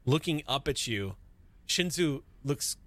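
A man narrating a tabletop sci-fi horror game as game master, explaining rules and scenes in a relaxed way with fillers and restarts. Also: a little high, slow, no room sound.

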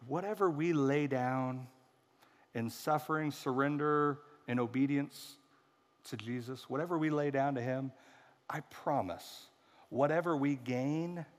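A man's voice: medium pitch, long reverb tail. A male pastor giving a casual, humorous sermon and acting out quoted voices. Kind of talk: conversational sermon.

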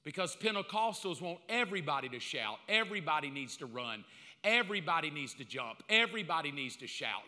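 A man preaching a sermon with comic asides, bursting into loud acted-out calls now and then. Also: on the high side, a little fast. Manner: comic, animated, acts out quotes in loud bursts. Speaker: pastor. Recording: long hall reverb.

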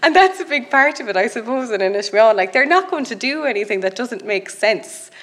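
A woman with an Irish accent giving a public lecture, telling stories lively and mimicking the people she met. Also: a little fast. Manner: lively storytelling, mimics islanders in high voices.

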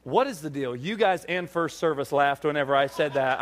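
Man preaching an animated story sermon. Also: a little high, a little slow, creaky, pauses often. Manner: animated storytelling, acting out dialogue. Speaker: pastor. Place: church service.

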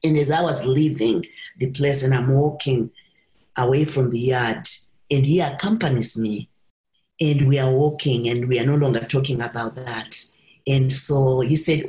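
A woman's voice: rumbling low, normal speed, mellow. A woman guest on a podcast earnestly telling a personal story and repeating phrases for emphasis. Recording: roomy echo.

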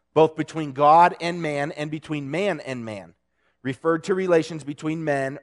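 A man with a fairly high voice preaches in a loose, conversational way. He jokes with his young listeners and often restarts his sentences as he talks through his point. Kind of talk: casual sermon.

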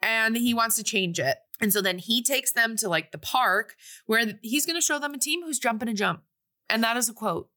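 Bright-voiced woman recapping a movie. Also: a little high, moderate pace. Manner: animated, breezy retelling with acted-out quotes. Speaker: podcast co-host recapping a film. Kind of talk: casual recap chat.

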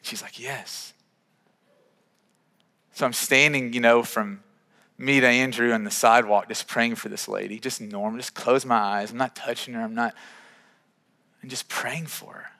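Pastor telling a story in a hall. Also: male voice, medium pitch, moderate pace. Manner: animated, self-deprecating storytelling with acted dialogue. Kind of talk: sermon storytelling. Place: church sanctuary. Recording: reverberant church hall.

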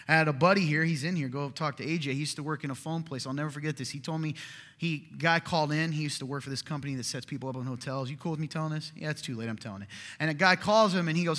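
A man's voice: fairly high pitch, fast talker, pushed and bright. A man in his thirties preaching a sermon as pastor, in a conversational way, often checking in with "right?". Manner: conversational, keeps asking "right?". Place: church hall. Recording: echoey hall.

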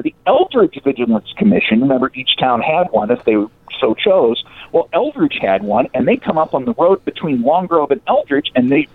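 Male storyteller, lively swooping delivery, slightly high voice, tinny phone-like dry sound. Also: no room sound. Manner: animated, acts out quoted voices. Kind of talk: casual storytelling of local history.

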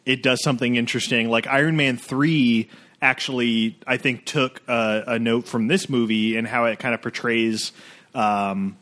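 A man's voice: medium pitch, fairly even intonation, normal speed, a bit bright. A man in casual chat about films, rambling, swearing freely and now and then mimicking lines from movies.

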